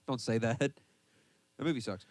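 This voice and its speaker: A man's voice: medium pitch, slow pace, darkish tone, no room sound. A man in the middle of his range, reading down a list and groaning at it with profane mock outrage. His voice is dry and close, with no room sound behind it. He laughs often between items. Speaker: podcast host reading a list. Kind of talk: casual banter with heavy swearing.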